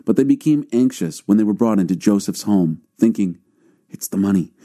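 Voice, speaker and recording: Deep-toned, mellow male scripture reader. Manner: calm, measured reading. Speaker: audio Bible reader.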